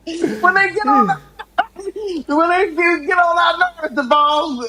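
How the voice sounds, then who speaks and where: A middle-aged woman hosting a live sports talk stream, animated and exclamatory, laughing often. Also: very high voice, slow pace, pauses often, rough recording. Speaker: sports talk show host.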